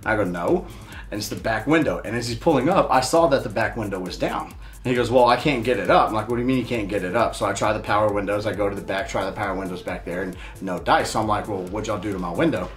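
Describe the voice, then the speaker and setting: A man's voice: fairly low pitch, quick pace, reverberant, soft background music. Profane man ranting to camera. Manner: profane, heated storytelling. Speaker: show host. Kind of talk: casual ranting monologue.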